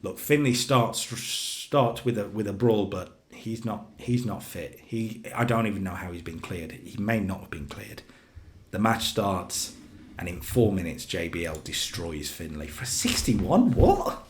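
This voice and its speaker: A man hosting a casual let's play, narrating his wrestling booking game in excited, gushing bursts. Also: deep voice, unhurried, slight background noise.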